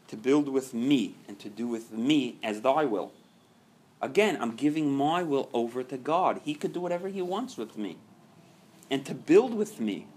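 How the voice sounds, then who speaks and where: A man with a mid-range voice leads a recovery group meeting, speaking earnestly. He swings between soft, quiet stretches and loud, emphatic ones.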